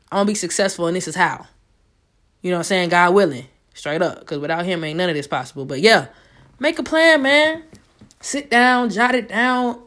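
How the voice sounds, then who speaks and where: Young woman host, casual solo podcast, slangy and profane, a little low-pitched. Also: fairly bright tone. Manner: loose, profane, slangy storytelling.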